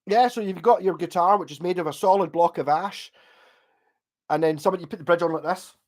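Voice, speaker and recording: A Scottish man talking casually on a livestream, his voice sitting a touch high. He rambles along, restarting sentences and swearing now and then. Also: quick pace, a little mellow. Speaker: livestream host.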